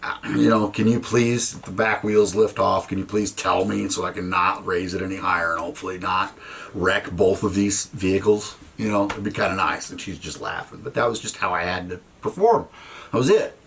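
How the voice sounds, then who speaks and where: A man, a military veteran, telling a story to an audience in an animated, profane way, acting out conversations. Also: low voice, normal speed, vocal fry, a little hiss or hum.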